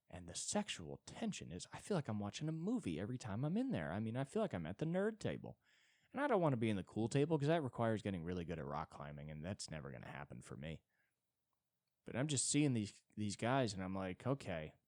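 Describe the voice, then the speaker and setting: Man, solo podcast host, low-ish voice with wild swings in pitch, crude and self-mocking, dry close sound. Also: dry recording. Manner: crude, profane, self-deprecating storytelling; animated, jumps between high and low tones. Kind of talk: rambling comedic monologue. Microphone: podcast mic.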